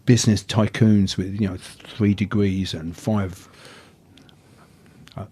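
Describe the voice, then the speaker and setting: A man's voice: fairly low pitch, fairly even intonation, slow pace, warm tone, husky. An older man, a martial arts teacher telling stories as a guest in a casual interview, often stammering on the first sounds of words.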